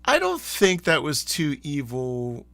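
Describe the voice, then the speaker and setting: A man hosting a live stream, chatting casually in a rambling, animated way and laughing often. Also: on the high side, measured pace, gravelly, no echo. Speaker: streamer and host.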